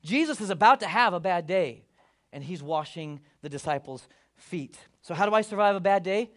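A man preaching a sermon in an animated, playful way, breaking off into jokes and acting out the people in the story. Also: high-pitched, moderate pace. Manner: animated, playful asides, acts out voices of the disciples. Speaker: pastor.

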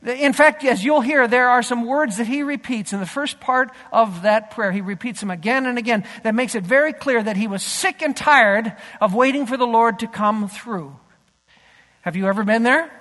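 High-voiced pastor in a reverberant hall. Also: male voice, normal speed, bright, forceful tone. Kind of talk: sermon.

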